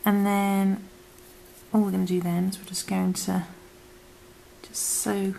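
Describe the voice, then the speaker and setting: A woman teaching crochet step by step, talking softly and often dropping to a whisper while she works, as if losing her voice. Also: medium pitch, level tone, measured pace, vocal fry, a little hiss or hum, poor audio. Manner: soft, half-whispered instructions while working. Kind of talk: step-by-step craft tutorial.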